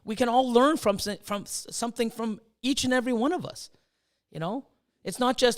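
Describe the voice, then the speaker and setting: A man's voice: very high-pitched, expressive, normal speed. A middle-aged man hosting a casual chat, swearing freely and acting out his own past reactions. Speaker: host.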